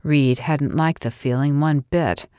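A woman with a low voice reads a romance novel in a steady, intimate way. The sound is close and dry, with no room around it. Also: measured pace, no room sound. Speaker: audiobook narrator. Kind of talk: scripted narration.

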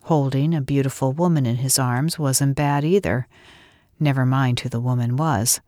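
A woman narrating a romance audiobook in a steady, intimate reading. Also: rumbling low, normal speed, no echo, clean studio sound. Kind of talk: scripted narration.

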